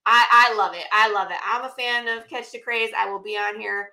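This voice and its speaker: A woman's voice: medium pitch, fairly even intonation, fairly quick, pushed and bright. A woman guest on a podcast, effusive and laughing often as she chats. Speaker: podcast guest, comic creator. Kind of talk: casual chat.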